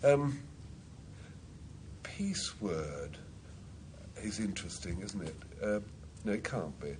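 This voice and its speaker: A man's voice: low voice, sing-song, takes it slowly, noisy background. A man, a team captain on a panel word game, talking in a wry, anecdotal storytelling way.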